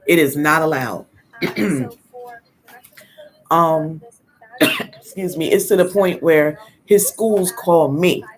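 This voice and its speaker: An older woman, a grandmother, hosting a casual live stream and telling stories in a firm, no-nonsense way, acting out quoted dialogue and now and then clearing her throat. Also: low voice, takes it slowly, pauses often. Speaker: host of a live parenting talk.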